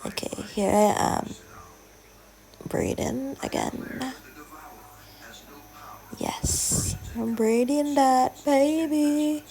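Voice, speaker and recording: A young woman chatting casually in a soft, often half-whispered drawl as she narrates a hair-braiding tutorial. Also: a little high. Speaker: hair vlogger.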